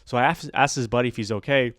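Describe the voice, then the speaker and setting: A man tells a story on a podcast, wandering through it with lots of "like" and restarts. His voice sits at a middle pitch. It is recorded dry and close, with no room sound. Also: quick pace, no room sound. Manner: rambling, filler-heavy, animated retelling. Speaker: podcast host. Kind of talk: casual storytelling chat.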